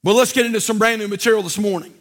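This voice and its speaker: Male pastor, church sermon: very high, bright tone, emphatic delivery with sudden low intense drops. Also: fairly even intonation, racing. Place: church service.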